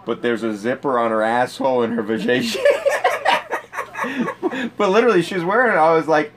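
A man's voice: on the high side, normal speed, slight background noise. A man telling crude stories in casual comedic chat as a podcast co-host, laughing as he talks. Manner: crude, animated, laughs through his stories.

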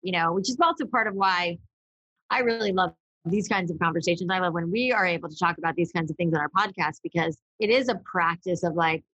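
A woman's voice: on the low side, fairly quick, pushed and bright, husky, no echo, poor audio. A woman co-hosting a podcast, talking frankly and rambling with lots of fillers and the odd swear word. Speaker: podcast co-host. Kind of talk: candid conversational chat.

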